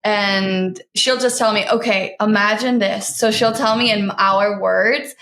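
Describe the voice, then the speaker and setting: A woman's voice: mid-range voice, fairly even intonation, bright, forceful tone. Chatty woman host in an echoey room. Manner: chatty and self-deprecating, quick asides. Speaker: podcast host. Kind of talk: casual chat.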